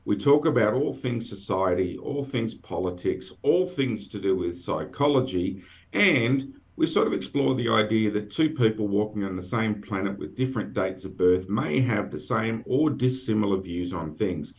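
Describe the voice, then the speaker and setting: A man's voice: lowish voice, expressive, moderate pace. A man hosting a podcast in casual chat, wry and self-deprecating. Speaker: podcast host.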